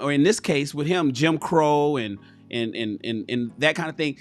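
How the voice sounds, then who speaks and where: A man's voice: fairly high pitch, moderate pace, soft background music. A man hosting a livestream talk show in casual commentary, emphatic and profane, speaking straight to his viewers. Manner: animated, emphatic, profane, addresses viewers directly.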